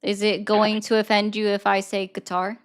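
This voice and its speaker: A woman hosting a political commentary show, debating a man with pointed, rapid-fire questions. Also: mid-range voice, completely flat delivery. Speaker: host. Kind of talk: argumentative debate.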